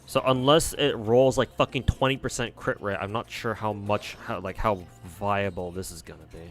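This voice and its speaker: A man's voice: lowish voice, normal speed. A man streaming a game, chatting casually and swearing freely as he mutters to himself. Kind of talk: casual gameplay commentary. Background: faint game music.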